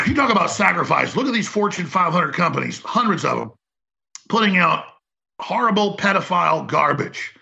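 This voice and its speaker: Heavily gravelly ranting radio man. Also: sits high, big pitch swings, normal speed, sharp tone, dull audio. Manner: heated, rambling, emphatic. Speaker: talk radio host.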